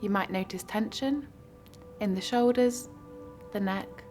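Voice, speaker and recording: A woman guiding a mindfulness practice with slow, soothing instructions. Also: mid-range voice, darkish tone, soft background music. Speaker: mindfulness guide. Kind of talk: guided meditation.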